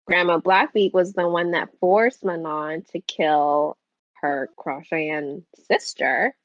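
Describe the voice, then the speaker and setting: A woman's voice: low voice, slow pace, no room sound. A woman co-hosting a book club podcast, chatting casually with lots of fillers and checking for agreement. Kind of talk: casual chat. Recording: dull, dry lo-fi sound.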